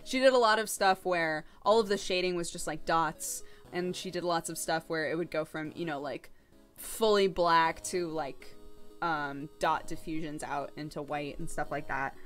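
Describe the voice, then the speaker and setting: Animated, foul-mouthed young woman streamer. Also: low-pitched, moderate pace, faint music behind. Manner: animated, profane, laughing often. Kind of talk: casual storytelling.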